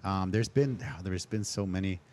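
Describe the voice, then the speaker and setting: Deep-voiced chatty male storyteller. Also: normal speed, a little mellow. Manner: chatty storyteller who acts out quoted speech; rambling, with many restarts and fillers. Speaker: restaurant owner and podcast guest. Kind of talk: casual interview chat.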